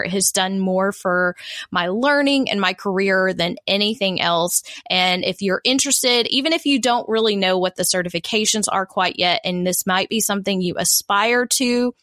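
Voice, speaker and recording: A woman's voice: medium pitch, pushed and bright, no echo, studio quality. Upbeat woman podcast co-host. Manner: enthusiastic, upbeat. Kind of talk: casual podcast talk.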